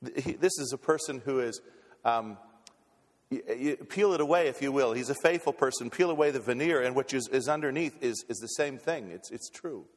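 A man's voice: medium pitch, fairly quick. A man preaching a sermon as pastor, folksy and stumbling on repeated words as he restarts. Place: church sanctuary. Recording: long reverb in a church hall.

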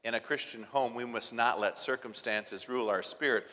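A man delivers a sermon in an even, middle-pitched voice. He tells the story conversationally, then pushes key lines hard and drops to quiet asides. The sound carries a long reverb, as if from a church sanctuary. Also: normal speed. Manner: emphatic, swinging between loud stresses and soft asides; storytelling with repeated rhetorical lines. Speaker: preacher.

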